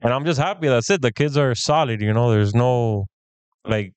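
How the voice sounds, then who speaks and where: Smooth-voiced man telling stories. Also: mid-range voice, normal speed, no echo. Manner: animated, acts out quoted dialogue. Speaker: podcast co-host. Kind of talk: casual storytelling chat.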